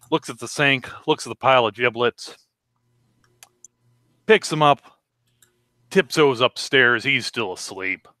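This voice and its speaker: A man chatting casually on a live viewer show, telling a rambling deadpan joke story. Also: mid-range voice, dry recording, studio quality. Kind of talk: casual joking chat.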